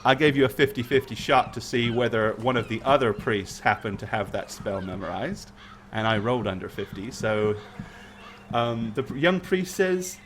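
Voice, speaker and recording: A man's voice: medium pitch, moderate pace, a little hiss or hum. A man narrating a tabletop game as game master in a casual, hesitant way, with many fillers.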